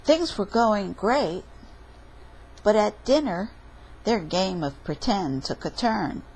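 Slow, breathy woman reading aloud. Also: medium pitch, low-quality recording. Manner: slow, expressive read-aloud. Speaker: storytime reader. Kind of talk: reading a picture book aloud.

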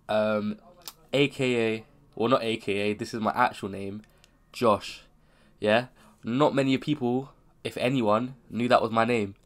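A man of twenty-one, talking casually to camera at home, sounding ill and rambling with frequent self-corrections. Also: mid-range voice. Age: 20s. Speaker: content creator. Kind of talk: casual unscripted vlog. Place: home bedroom.

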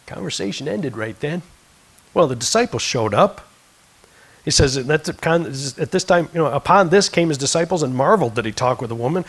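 A male pastor with a somewhat husky, slightly raised voice, delivering a church sermon. He builds to fervent, emphatic climaxes and then drops back to low, chatty asides. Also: animated, moderate pace, poor audio. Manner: rising to emphatic, impassioned peaks, then dropping to quiet, conversational asides. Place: church sanctuary.

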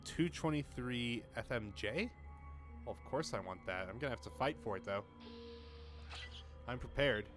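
A young man giving casual let's-play commentary, swearing often and swinging between muttering and excited outbursts. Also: medium pitch, moderate pace, pauses often, over music.

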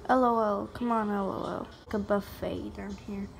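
A young woman giving casual gameplay commentary, excitable, gasping and dropping to whispers while she plays. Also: mid-range voice, normal speed, vocal fry. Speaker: gamer. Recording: faint music behind.

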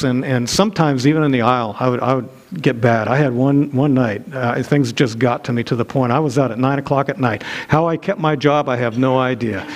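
A man's voice: medium pitch, brisk. A middle-aged man preaching a sermon, telling a personal story in a conversational, self-deprecating way with frequent restarts, recorded in a church. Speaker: pastor. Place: church sanctuary.

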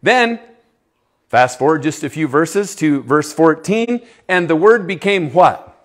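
A man preaching a sermon to a youth group. He talks emphatically, asks his listeners questions, and swings from loud declarations to hushed lines. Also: on the high side, animated, unhurried.

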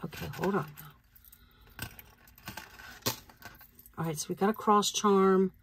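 A woman's voice: medium pitch, steady tone, takes it slowly, no echo. A woman reselling jewelry, chatting casually as she unboxes it, thinking aloud and laughing easily. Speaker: reseller vlogger.

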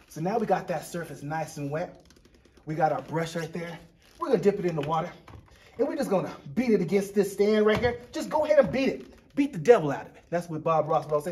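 High-voiced playful man hosting a painting show. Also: darkish tone, a little hiss or hum. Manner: playful, chatty, jokey. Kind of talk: casual painting demonstration.

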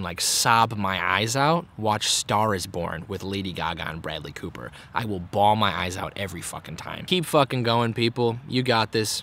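A man's voice: lowish voice, sharp tone. A man in his twenties, vlogging outdoors in a park and talking candidly and profanely in a casual reflective monologue. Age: 20s.

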